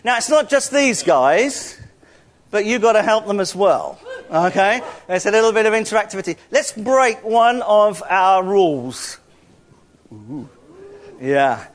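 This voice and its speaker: High-voiced, playful church speaker. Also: male voice, expressive, measured pace. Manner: playful, joking, calls out loudly to the room. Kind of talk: interactive sermon with the congregation.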